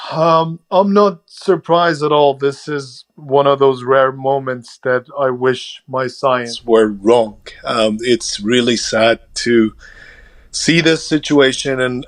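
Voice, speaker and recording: Male scientist guest from Iran, thoughtful and explanatory, middle pitch. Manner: thoughtful, explanatory, with fillers and repeated words. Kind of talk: interview answers. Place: remote from home.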